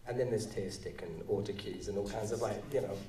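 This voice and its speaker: Man, actor at live Q&A, rambling restarts, low dark voice, echoey hall, heard from off-mic. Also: distant mic, slight background noise. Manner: halting, rambling, many restarts. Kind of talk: live audience Q&A. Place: cinema auditorium. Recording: roomy hall sound, voice from off-mic.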